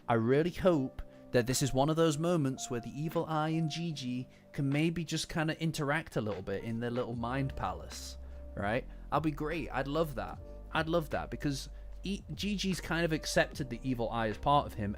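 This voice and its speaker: A man hosting a casual chapter reaction, breaking into heated, cursing outbursts between calmer reflective stretches. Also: mid-range voice. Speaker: manga reaction host. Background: faint lofi background music.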